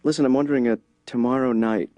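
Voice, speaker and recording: An actor voicing a deadpan, sardonic young adult son in a cartoon, with hesitant delivery. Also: male voice, medium pitch, fast talker, no room sound, lo-fi sound, natural voice.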